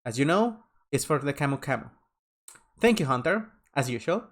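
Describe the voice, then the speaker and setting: A man's voice: mid-range voice, big pitch swings, moderate pace. A man chatting casually on a live game stream, rambling and tripping over his words. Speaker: streamer playing a story game. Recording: game music under the voice. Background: game music.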